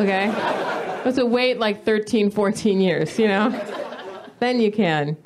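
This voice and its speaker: A woman in her thirties performing a stand-up comedy set, telling stories in an animated way and breaking into mock yelling. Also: mid-range voice, slow pace, pauses often, crowd noise, noisy background. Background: audience laughter.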